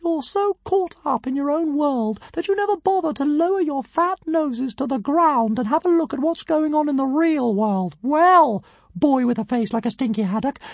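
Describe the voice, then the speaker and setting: A woman doing a squeaky pompous tiny dragon god. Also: darkish tone, dry recording, highs cut off. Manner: grand, scornful, insulting. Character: tiny arrogant male dragon, pompous self-styled god. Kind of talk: audiobook character voice.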